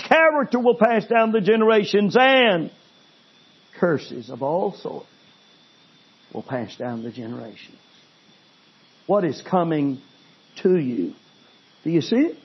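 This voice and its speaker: A man preaching a sermon, telling a story dramatically and swinging between loud intensity and hushed pleading. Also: high-pitched, breathy edge, dull audio.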